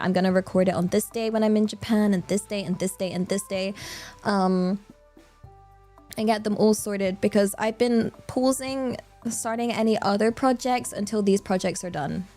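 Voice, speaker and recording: A woman's voice: medium pitch, darkish tone. A woman, chatting casually on a stream in a bubbly, rambling way with lots of fillers and giggles. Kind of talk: casual chat.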